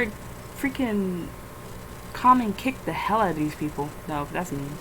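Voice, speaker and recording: A woman's voice: fairly low pitch, lively intonation, measured pace, sharp tone, slight background noise, poor audio. A tired woman rambling through a casual screen-recording vlog, swearing often and flaring into frustrated outbursts. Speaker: vlogger.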